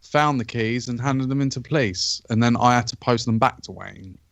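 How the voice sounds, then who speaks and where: A man's voice: medium pitch, moderate pace, gravelly, dry recording, lo-fi sound. A man and podcast co-host telling a laid-back, sweary anecdote in casual chat.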